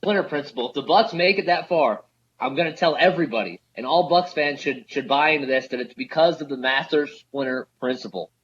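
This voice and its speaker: A man's voice: on the high side, fairly quick, fairly bright tone. A man guesting on a sports podcast, enthusiastic and agreeable, with some stumbles. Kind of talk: casual sports podcast chat. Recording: dull remote line with faint hiss.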